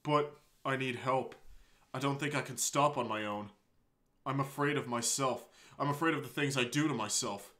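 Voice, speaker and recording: A shy, anguished teenage girl, read by a man in a tearful, halting confession, her lines a touch higher. The voice stays bright and tense as she pleads and breaks, read straight from a visual novel. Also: close to an everyday voice. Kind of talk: reading a visual novel aloud.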